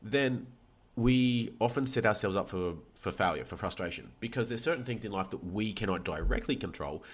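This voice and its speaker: Male podcast host, fairly low voice, candid unscripted monologue with casual cursing and self-corrections. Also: normal speed, husky. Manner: candid, casual, swears, restarts mid-sentence. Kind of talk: solo motivational podcast monologue.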